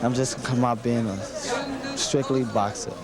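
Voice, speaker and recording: A young man, a boxer, answering press conference questions in a halting, earnest way, repeating himself as he goes. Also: medium pitch, steady tone. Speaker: boxer being interviewed. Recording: crowd chatter in background.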